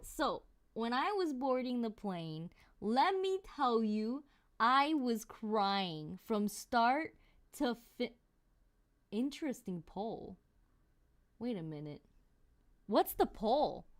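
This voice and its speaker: Woman streamer, casual chat, unhurried but swoops around a lot, exclamatory. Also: fairly high pitch. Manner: animated, exclamatory storytelling.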